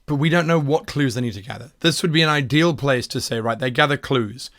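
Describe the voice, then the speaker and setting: A man running a workshop as a game master, critiquing adventure submissions in a quick, wry, self-mocking way. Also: on the high side, a bit bright.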